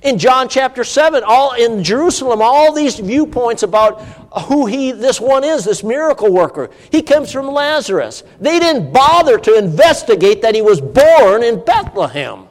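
A man preaching a sermon, animated, swinging between emphatic peaks and hushed asides. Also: very high-pitched, moderate pace, in a large hall.

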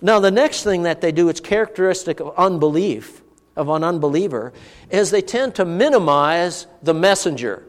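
Animated high-pitched male preacher in a hall. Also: moderate pace. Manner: animated, asks the congregation rhetorical questions. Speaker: pastor. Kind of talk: sermon.

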